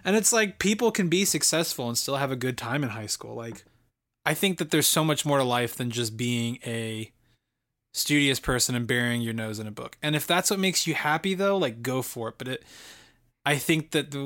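A man's voice: mid-range voice, fairly bright tone. A man in his late twenties co-hosting a podcast, chatting casually about a movie in a rambling, enthusiastic way with lots of fillers. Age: late 20s. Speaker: podcast co-host. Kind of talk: casual film review chat.

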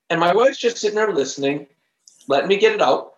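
On a podcast with a roomy, slightly dull sound, a professional trainer in his fifties speaks in a fairly high, fairly quick voice. Animated and emphatic, he spins a story and performs the dialogue as he goes.

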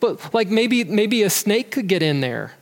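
A man's voice: high voice, big pitch swings, unhurried, heavily acted. A man quoting his scared seven-year-old daughter in a hesitant, stammering way. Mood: frightened. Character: scared little girl of seven. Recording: long hall reverb.

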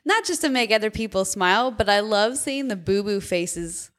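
A woman's voice: mid-range voice, expressive, moderate pace, a bit bright. A young woman chatting casually about working at a coffee shop drive-through, laughing often and acting out customers. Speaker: former coffee shop barista. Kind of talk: casual chat.

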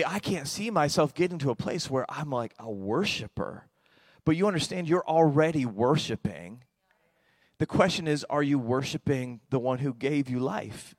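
A middle-aged man preaching a lively sermon as pastor, swinging between quiet, intimate stretches and loud, excited ones. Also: mid-range voice, normal speed, no room sound.

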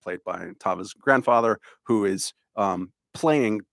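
Male co-host, slightly low voice, hesitant delivery, dry sound. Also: slow pace, gravelly, a bit bright, no echo. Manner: hesitant, many fillers. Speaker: podcast co-host. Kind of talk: casual chat.

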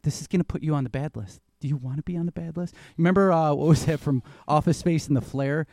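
A man's voice: a little high, quick pace, mellow, no echo, clean studio sound. A man telling loose, rambling stories in casual chat, swearing now and then.

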